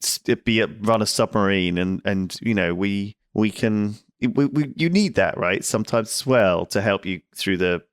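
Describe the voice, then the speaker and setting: A podcast co-host chats casually, rambling and hesitant with many restarts, though he hardly pauses. His lowish voice is clear and resonant at normal speed, captured in a dry, studio-quality recording.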